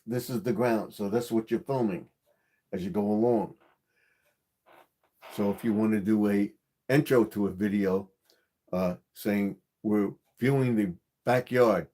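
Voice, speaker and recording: A man's voice: on the low side, mellow. A man hosting a gardening channel's live stream, explaining equipment in a casual, repetitive way with many fillers.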